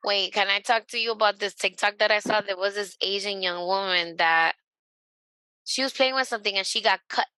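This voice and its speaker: A woman's voice: mid-range voice, a little fast, sharp tone, clean tone, dry recording, rough recording. A woman hosting a podcast, chatting casually with slang, swearing and eager agreement. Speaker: podcast host. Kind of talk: casual chat.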